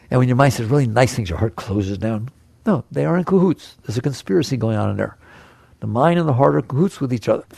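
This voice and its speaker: A spiritual teacher speaks conversationally to a live audience, asking them questions and playfully acting out the mind's chatter. His mid-range voice is husky, slightly mellow and has vocal fry, heard in a dry recording.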